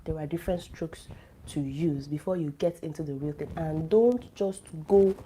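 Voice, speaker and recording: A woman's voice: deep voice, normal speed, mellow, a little hiss or hum, rough recording. Blunt, coughing woman with a flu. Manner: blunt, teasing, lecturing directly to listeners. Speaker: relationship advice vlogger. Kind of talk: frank advice talk to camera.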